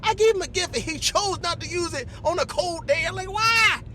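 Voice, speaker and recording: A man hosting a podcast, telling comic stories in an animated, repetitive way. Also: very high voice, a little fast, slight background noise. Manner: animated, repetitive, lots of "listen" and "you know what I'm saying". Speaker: podcast host. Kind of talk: comedic storytelling monologue.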